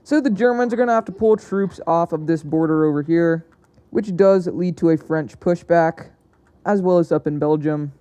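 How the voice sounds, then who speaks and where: A man's voice: on the high side, moderate pace, few pauses, mellow, clear, resonant tone. A young man narrating an alternate-history map video in a casual, hesitant way, often correcting himself as he goes. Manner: hesitant, self-correcting, chatty.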